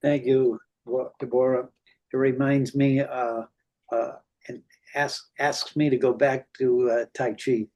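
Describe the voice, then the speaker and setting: A man's voice: medium pitch, flat delivery, a little slow, a little mellow. A man on a group video call, speaking hesitantly with many fillers. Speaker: group participant. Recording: dull lo-fi call audio.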